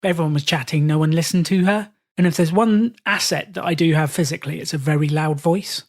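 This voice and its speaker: A British man, a podcast host, telling stories in a relaxed interview and acting out the voices of people he quotes. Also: on the high side, fast talker. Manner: animated, acts out quoted voices. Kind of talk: storytelling in casual conversation.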